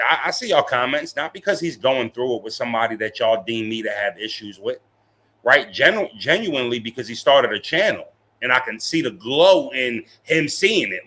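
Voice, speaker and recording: A man's voice: fairly high pitch, a bit bright. A young man live-streaming, chatting casually with his viewers in slangy, profane talk and laughing often.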